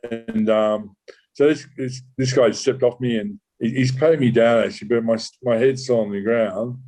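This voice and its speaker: A man, a former undercover cop, recounting a true story in an interview, halting with many restarts and swearing casually. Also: medium pitch, fairly even intonation, mellow, rough recording. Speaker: former undercover police officer.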